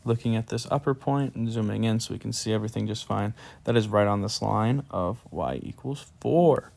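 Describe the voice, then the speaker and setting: A man's voice: fairly low pitch, moderate pace, vocal fry, a little mellow. A man teaching calculus in a casual way, talking through each step as he writes, sleepy and yawning. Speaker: math teacher. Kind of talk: screen-recorded math lesson.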